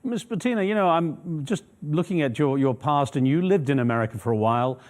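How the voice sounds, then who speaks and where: A man presenting the news, putting probing, measured questions to a guest. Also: fairly high pitch, animated, darkish tone.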